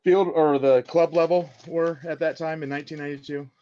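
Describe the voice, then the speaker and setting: A man's voice: on the high side, a little fast, dull audio. A middle-aged man from Indiana, a podcast guest telling stories in casual chat and acting out what people said. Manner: animated storyteller, acts out quotes.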